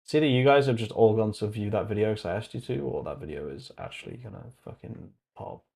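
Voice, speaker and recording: Joking man on a livestream, lowish voice. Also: sing-song, quick pace, vocal fry, a little mellow, breathy edge. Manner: joking, laughs at his own jokes. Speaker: channel host. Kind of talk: casual livestream chat.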